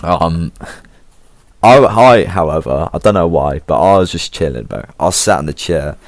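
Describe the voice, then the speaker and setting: A teenage lad with an English accent tells a school story in a loose, slang-heavy ramble, swearing freely. His voice sits low. The recording is very dry, with no room sound. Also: animated, normal speed, no echo. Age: teens. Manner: slangy, swears a lot, laid-back. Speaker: vlogger. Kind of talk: casual storytelling.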